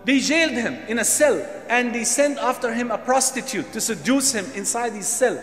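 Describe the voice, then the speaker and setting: Male preacher, high voice, emphatic storytelling, long hall reverb. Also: moderate pace, a bit bright. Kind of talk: sermon storytelling.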